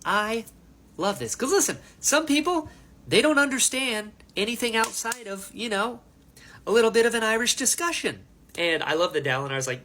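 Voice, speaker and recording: Young man, casual reaction chat, lively swooping pitch, chatty. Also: normal speed, slight background noise. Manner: animated, chatty, acts out quotes. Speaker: book reaction host.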